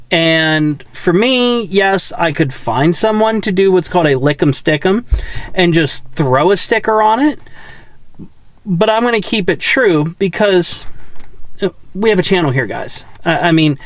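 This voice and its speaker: A woman's voice: lowish voice, no room sound. A woman hosting her own car channel who talks casually to the camera in a chatty, rambling way full of fillers. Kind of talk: casual vlog talk to camera.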